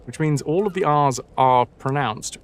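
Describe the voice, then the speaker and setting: A man's voice: on the high side, a little slow. A British man streaming live, reading a story aloud, stopping to repeat and fix words and swearing at himself. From Britain. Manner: self-correcting, swears, repeats words to practise them.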